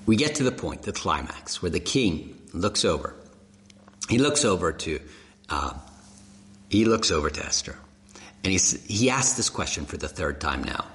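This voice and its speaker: A man preaching a sermon, telling the story with animated emphasis and rhetorical questions. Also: deep voice, moderate pace. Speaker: pastor. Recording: echoey hall.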